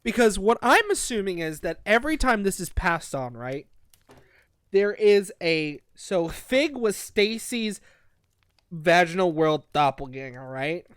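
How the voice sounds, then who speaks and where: A man hosting a casual book-review podcast, retelling the plot in an excited, rambling way. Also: high voice, a little slow, clean tone, dry recording, studio quality. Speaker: podcast host.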